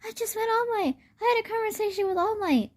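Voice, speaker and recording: A woman voicing an excitable teenage boy superhero fan who gushes and repeats himself. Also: fairly quick, close to an everyday voice. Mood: starstruck. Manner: gushing, repeating himself in a high rush.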